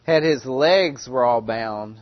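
Male preacher, mid-pitched, dramatic delivery, dry and dull recording. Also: no room sound. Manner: dramatic, with loud cries and hushed pauses. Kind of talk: sermon.

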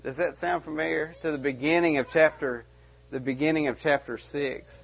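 A man's voice: fairly high pitch, fairly even intonation, moderate pace, gravelly, husky. A man preaching a sermon, stressing and repeating key words and lifting his voice on questions. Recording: dull lo-fi recording.

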